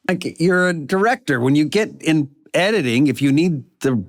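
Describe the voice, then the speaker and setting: A male actor in a casual interview, telling stories with lively acted-out dialogue. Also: fairly high pitch, no room sound, studio quality. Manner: animated storyteller, acts out quoted dialogue. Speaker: actor guest.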